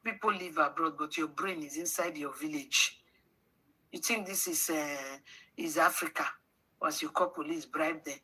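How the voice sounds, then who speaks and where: A woman's voice: sits low, moderate pace, bright, forceful tone, husky, poor audio. A woman with a Nigerian accent hosting a livestream, scolding her audience with rhetorical questions and slipping into pidgin. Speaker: livestream host. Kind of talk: livestream commentary.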